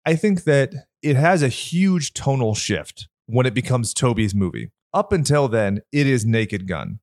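A man with a nasal voice co-hosting a podcast, talking in a rambling, candid, lively way. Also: medium pitch, measured pace, no room sound. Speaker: podcast co-host. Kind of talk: casual podcast chat. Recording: dry close mic.

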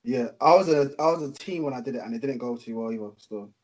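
Man, young, husky, quick, casual podcast chat. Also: mid-range voice, darkish tone. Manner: slangy, rambling. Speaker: podcast co-host.

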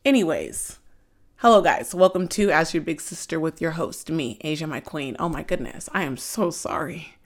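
A young woman hosts her own podcast in a loose, chatty way. She tells candid stories and fills her talk with "like". Her voice sits a little low for a woman. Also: normal speed. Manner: chatty, candid storytelling with lots of "like". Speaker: podcast host. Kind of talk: casual chat.

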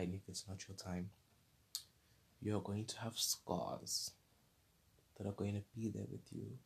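A man's voice: fairly low pitch, steady tone, measured pace, creaky, pauses often, husky. A man hosting his own podcast segment, talking in an earnest, rambling, unscripted monologue that often repeats itself. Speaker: podcast host.

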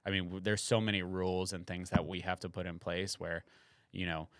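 A man hosting a podcast in casual chat, chatty and quick to joke and laugh. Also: low voice, level tone, dry recording, clean studio sound. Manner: chatty, jokes and laughs often. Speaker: podcast host.

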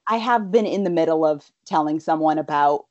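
A woman's voice: low voice, a little fast, a little mellow, no room sound, highs cut off. A young woman in her twenties telling rambling stories in a casual chat, full of fillers. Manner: rambling storyteller, many fillers. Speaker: guest.

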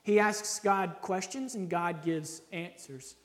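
High-voiced male preacher in a reverberant hall. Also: takes it slowly. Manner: dramatic scripture reading, rising loud and high on quotes, dropping soft for asides; conversational with occasional laughs and fillers. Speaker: pastor. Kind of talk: sermon.

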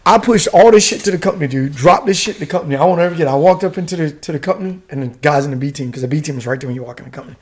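Fast-talking, profane army veteran man. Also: on the high side, slightly rough. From United States. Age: middle-aged. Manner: profane, slangy, animated storyteller. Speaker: podcast guest, retired soldier. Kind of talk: casual storytelling.

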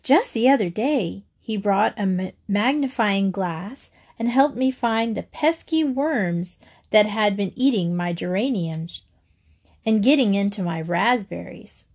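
A woman reading aloud and voicing a cheerful, kindly older woman in a storybook, in a bright and reassuring way. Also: mid-range voice, animated, unhurried. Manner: bright, gently amused, reassuring.

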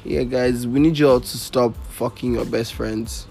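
A man's voice: mid-range voice, fairly even intonation, measured pace, creaky, a little mellow, soft background music. A young man co-hosting a podcast, chatting casually in loose, joking, profane banter. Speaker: podcast co-host. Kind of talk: casual chat.

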